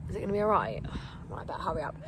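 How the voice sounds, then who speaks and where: A young woman telling a storytime vlog to her phone camera outdoors, animated and acting out her own panic. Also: on the low side, very fast, background noise. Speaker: vlogger. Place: outdoors in wet weather.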